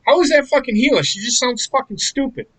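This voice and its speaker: A man's voice: very high-pitched, a little fast, a bit bright, low-quality recording. A man co-hosting a casual live watch-along chat, ranting in a heated, profane way. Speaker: podcast co-host.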